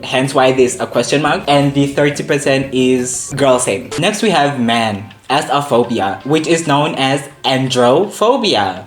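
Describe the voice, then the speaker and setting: A man's voice: mid-range voice, expressive. A young man chats to his camera in a playful, theatrical way, drawing out words for comic effect. His voice rings in an echoey room. Faint music plays underneath. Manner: playful, dramatic, drawn-out emphasis. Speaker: vlogger. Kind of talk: casual comedic chat to camera.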